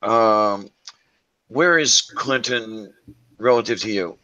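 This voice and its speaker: A man's voice: on the low side, slow pace, pushed and bright, dry recording, lo-fi sound. A man in a casual group voice chat, dropping dry, teasing remarks.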